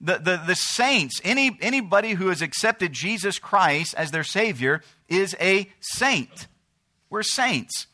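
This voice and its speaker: Bright-voiced man preaching a sermon. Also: lively intonation, a little slow. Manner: preaching, rising in pitch and force, calling out to the congregation. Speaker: pastor.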